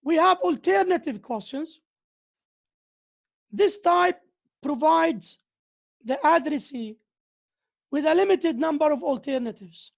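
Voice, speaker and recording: Slow, high-voiced woman lecturing. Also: animated, vocal fry. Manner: repeats key phrases, reads out examples. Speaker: university lecturer. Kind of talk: slow lecture on English grammar.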